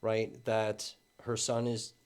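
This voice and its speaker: A man's voice: fairly low pitch, completely flat delivery, takes it slowly, darkish tone, clear, resonant tone. A man speaking as an interview guest, conversational and a little hesitant, agreeing often. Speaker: journalist guest. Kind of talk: casual interview talk.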